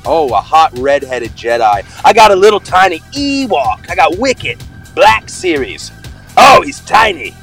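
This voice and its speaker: A man voicing a hyper toy-collector who brags about himself in the third person, shouting and excitable, with crude jokes. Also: on the high side, a little slow, soft background music, heavily acted. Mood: excited. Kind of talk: comedy call-in bit.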